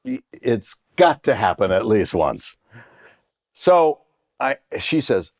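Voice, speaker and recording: A man in his sixties tells a story across the table with a pitch that jumps high and low as he acts out each voice. The sound is dry and close. His delivery is casual and animated. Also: slow pace, no room sound. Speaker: guest actor. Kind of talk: casual anecdote telling.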